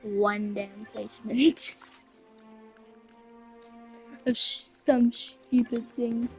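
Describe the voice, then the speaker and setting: A woman's voice: a little high, steady tone, very slow. A woman commenting on her own gameplay in a chatty way, with self-mocking asides. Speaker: gamer. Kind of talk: let's play commentary. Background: faint game music.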